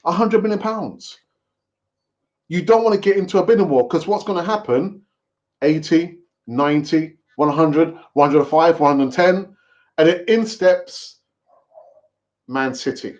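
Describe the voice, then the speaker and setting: A man hosting a casual live football fan stream, talking in an animated, repetitive, rambling way. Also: fairly high pitch, a little slow, dull audio. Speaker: football fan channel host.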